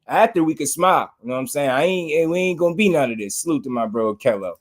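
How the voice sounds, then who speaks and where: A man's voice: mid-range voice, expressive, quick pace. A man giving casual, slangy boxing commentary, laughing often and chatting with viewers.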